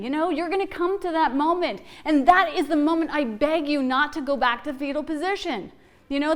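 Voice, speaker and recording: A woman's voice: sits high, a bit bright. A middle-aged woman giving a heartfelt inspirational Easter talk, earnest and laughing often, repeating phrases for emphasis.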